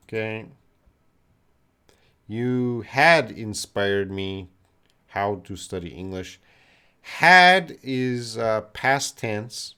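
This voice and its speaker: A Canadian man runs a live-stream English lesson, answering chat questions and correcting sentences. His voice sits fairly low, and he talks at an unhurried, very slow pace. He explains patiently in simple words. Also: fairly bright tone, clear, resonant tone. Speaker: English teacher.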